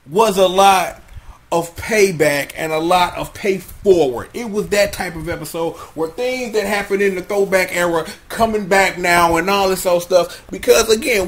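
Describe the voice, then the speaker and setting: A young man giving a casual comedic episode review, slangy, profane and animated. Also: sits high.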